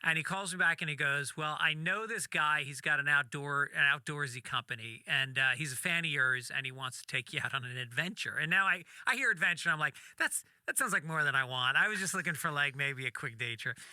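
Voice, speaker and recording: Bright animated male comedian storyteller. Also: a little high, fast talker, hardly any pauses, no echo, studio quality. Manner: animated storyteller, acts out voices, swears. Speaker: podcast guest, comedian. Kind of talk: casual storytelling.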